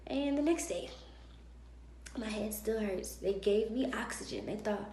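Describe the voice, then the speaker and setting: A woman vlogger telling a personal story in a lively way and acting out the dialogue of others. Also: medium pitch, measured pace, slight background noise. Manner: animated, acts out dialogue. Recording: roomy echo.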